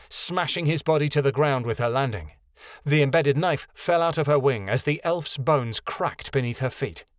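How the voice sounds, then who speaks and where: A man reading a fantasy audiobook aloud, measured and expressive, with a voice of middling pitch. The recording is dry and close, with no room echo. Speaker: audiobook narrator. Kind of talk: scripted narration.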